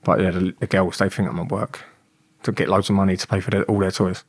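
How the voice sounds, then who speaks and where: A man's voice: low-pitched, quick pace, heavy background noise. A young man, a podcast guest telling blunt, sweary stories and acting out who said what. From London. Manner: animated, acts out quoted exchanges, blunt and sweary. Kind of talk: casual storytelling interview.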